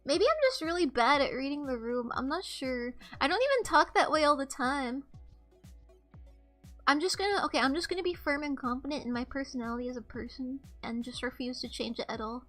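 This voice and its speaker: A young woman with a high, light voice chats on a livestream, rambling through candid, offhand stories and swearing freely. Soft music plays quietly behind her. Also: fairly quick. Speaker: streamer. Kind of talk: casual livestream chat. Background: faint background music.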